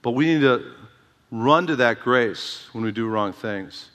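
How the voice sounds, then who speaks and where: A man's voice: mid-range voice, animated, unhurried, fairly bright tone, clear, resonant tone, in a large hall. A man preaching an expository sermon, calling out for "Amen" and repeating words as he drives his points home. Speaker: pastor.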